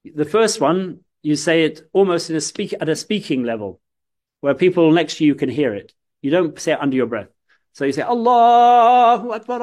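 A man teaching a lesson on religious practice, explaining step by step and sometimes breaking into chanted demonstrations. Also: a little high. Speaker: Islamic studies teacher.

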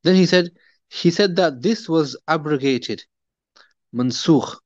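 A man's voice: fairly high pitch, takes it slowly, darkish tone, no room sound. A man teaching a Quran commentary lesson in a conversational way, with frequent fillers and restarts. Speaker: religious teacher. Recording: dull, dry recording.

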